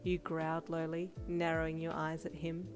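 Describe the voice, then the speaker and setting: A woman narrating a second-person fan fiction audiobook in a steady storytelling read. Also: sits low, moderate pace. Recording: loud music bed under voice.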